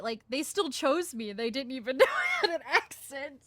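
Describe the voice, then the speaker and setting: Bright-voiced Southern woman, bubbly chatter. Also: high voice, sing-song, dry recording. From Georgia, US. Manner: bubbly, quick, many fillers and restarts. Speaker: guest voice actress. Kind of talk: casual interview chat.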